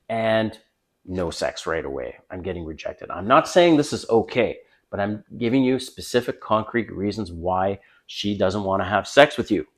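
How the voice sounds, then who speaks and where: Blunt older man with a lowish voice. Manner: blunt, opinionated and emphatic. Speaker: dating advice vlogger. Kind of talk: casual advice monologue to camera.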